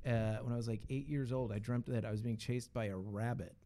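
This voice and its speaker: Swearing, animated male podcast host. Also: mid-range voice, a little fast. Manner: profane, animated storyteller. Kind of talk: casual chat.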